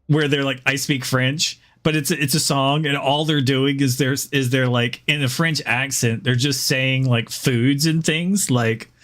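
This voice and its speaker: A man's voice: medium pitch, fairly even intonation, unhurried, hardly any pauses, fairly bright tone. A man from the American South with no Southern accent, casually rambling and chuckling as he chats during a game stream. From Southern United States. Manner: rambling, chuckles often, many fillers. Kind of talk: casual gaming stream chat.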